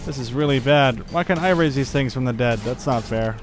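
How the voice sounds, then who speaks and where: A man's voice: mid-range voice, brisk, soft background music. A young man giving casual gameplay commentary, thinking aloud with lots of fillers and chuckles. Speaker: gaming channel host.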